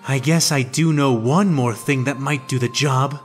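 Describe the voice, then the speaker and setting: A man's voice: medium pitch, moderate pace, faint music behind, natural voice. A man voicing a determined, wry young alien woman warrior in a fan fiction audiobook, panting and straining under effort.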